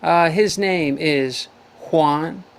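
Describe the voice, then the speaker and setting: A man's voice: fairly high pitch, very slow, clean tone. A middle-aged man hosting a live advice call-in show over a video call, earnest and rambling, often restarting his sentences.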